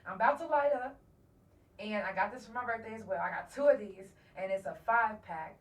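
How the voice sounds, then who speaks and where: A woman's voice: mid-range voice, fairly quick, distant mic. Woman host in an echoey room. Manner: candid, profane, emotional storyteller. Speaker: podcast host. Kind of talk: casual live-stream storytelling. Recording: roomy echo, voice from off mic.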